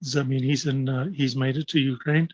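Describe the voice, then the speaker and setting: Halting American man, husky voice. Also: mid-range voice. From United States. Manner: halting, deadpan jokes, many fillers. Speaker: panel speaker.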